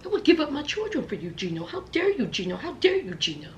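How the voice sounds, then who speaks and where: A woman voicing a furious jilted woman yelling accusations at her partner, with repetitive taunting. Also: sits high, very animated, fast, recorded from a distance, a little hiss or hum, voice pushed down. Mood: accusing.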